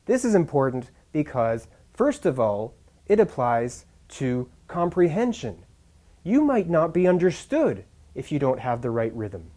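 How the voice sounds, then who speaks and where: Man, pronunciation teacher, slow deliberate delivery, mellow tone, exaggerated syllable stress. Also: a little high, very animated. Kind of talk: scripted English lesson.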